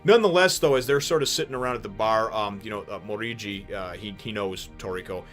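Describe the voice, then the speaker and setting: A man hosting a casual manga chapter review, rambling with many fillers and restarts and sudden animated bursts. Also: fairly low pitch, quick pace, faint music behind.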